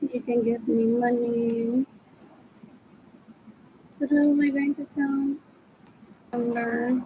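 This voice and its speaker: A woman's voice: on the high side, level tone, extremely slow, narrow, tinny audio, slight background noise. A woman in her forties rambling agitatedly in a solo video monologue. She repeats herself and slips between English and Spanish. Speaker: vlogger asking for money.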